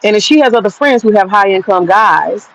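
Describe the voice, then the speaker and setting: A brisk, mid-range voice belongs to an American woman hosting a livestream, who reads the chat while delivering blunt, profanity-filled rants. The recording is rough.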